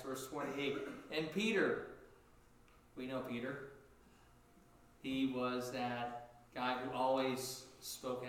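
A man preaching a sermon in a lively, animated way, jumping up in pitch as he acts out what people said. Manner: animated, acts out quotes with sudden high pitch jumps. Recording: echoey room, distant from mic.

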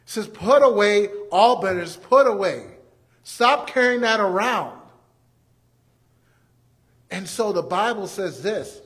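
A man in his thirties with a high voice preaches a sermon. He swings from soft, quiet passages to loud, emphatic ones. He acts out the voices of the people he quotes. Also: animated, slow, pauses often. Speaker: pastor.

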